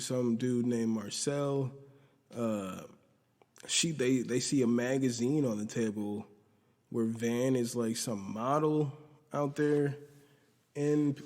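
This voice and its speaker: Rambling man recapping a show, roomy audio. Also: darkish tone. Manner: rambling, profane, retells scenes by quoting characters. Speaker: podcast host. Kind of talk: casual episode recap. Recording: roomy low-quality audio from video.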